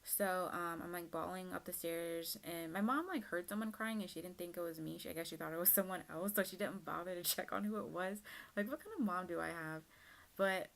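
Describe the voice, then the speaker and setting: A woman's voice: lowish voice, a little fast, creaky, fairly bright tone. A young woman in her twenties telling a personal story in a chatty, casual way, full of fillers. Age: young adult. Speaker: vlogger.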